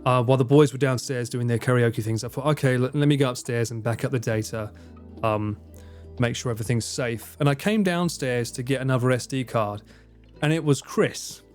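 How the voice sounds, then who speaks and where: Speaking fairly quickly with a medium pitch and a darkish tone, an Essex man chats casually on a live stream from his home in Japan. He has an Essex accent, is self-deprecating, and thanks viewers by name. Faint music sits behind him.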